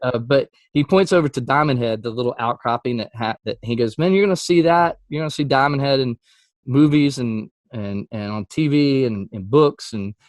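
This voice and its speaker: A mid-pitched man tells a story in a relaxed interview as a Christian music artist. He acts out every quote with leaps in pitch and laughs often. The sound is dry and close. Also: normal speed, dry recording.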